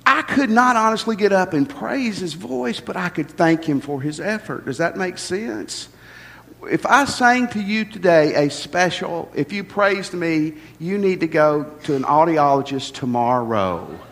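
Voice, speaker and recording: Folksy pastor preaching with hall reverb. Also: male voice, high voice, lively intonation, unhurried, creaky, a bit bright. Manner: folksy, joking, repeats words when starting. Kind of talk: sermon. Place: church sanctuary.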